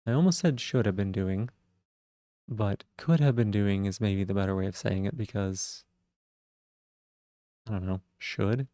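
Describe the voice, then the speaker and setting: A man with vocal fry, musing thoughtfully in casual live-stream chat. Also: fairly low pitch, measured pace, pauses often, dark tone, dry recording, clean studio sound. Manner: thoughtful, musing, self-reflective.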